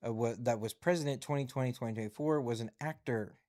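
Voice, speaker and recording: A man's voice: medium pitch, fast, a little mellow. Rambling male live stream host. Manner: rambling, reading headlines aloud with musing asides. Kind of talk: casual live stream chat.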